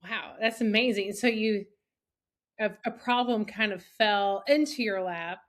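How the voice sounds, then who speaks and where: A woman's voice: medium pitch, a little slow. A woman hosting an interview, summing up her guest's story in an affirming way. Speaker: podcast host. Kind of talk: casual interview.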